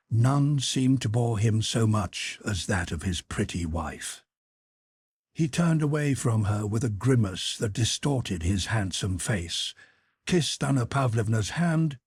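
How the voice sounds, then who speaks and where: A man reading a classic novel aloud as an audiobook narrator, in a measured, expressive way. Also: medium pitch, breathy edge, dry recording, clean studio sound.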